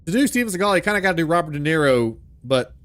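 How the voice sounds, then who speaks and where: A man's voice: on the high side, sing-song, racing, a bit bright, no room sound. Jokey man streaming a horror game. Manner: jokey, rambling, laughs a lot. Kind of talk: casual live-stream chat.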